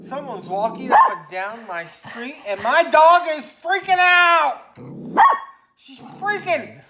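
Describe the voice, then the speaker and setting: A man in a rambling, casual rant to his phone camera at home, often stopping himself and trailing off into quiet mutters. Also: extremely high pitch, big pitch swings, measured pace, a little hiss or hum. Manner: talkative, self-interrupting, drifts off into quiet mutters. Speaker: vlogger. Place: at home on a couch.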